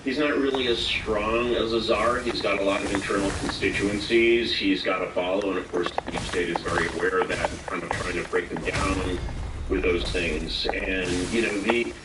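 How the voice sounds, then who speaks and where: A man's voice: deep voice, steady tone, moderate pace, heavy background noise. Rambling male guest, echoey distant. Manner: rambling, many fillers, acts out quotes. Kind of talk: casual interview talk.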